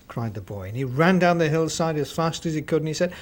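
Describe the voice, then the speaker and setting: A man narrating a children's story expressively, with dramatic pauses. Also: a little high, fairly even intonation.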